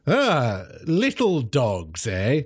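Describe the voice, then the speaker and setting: A man's voice: mid-range voice, wildly swooping pitch, extremely slow, slightly rough, exaggerated voice. A man voicing a fussy male professor cat who stammers and hesitates. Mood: anxious.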